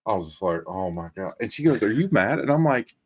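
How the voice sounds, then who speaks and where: Lowish voiced dude cohost, gets all worked up telling a story, big pitch jumps. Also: male voice, quick pace, a little hiss or hum. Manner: excitable storytelling. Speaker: podcast co-host. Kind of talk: casual review chat.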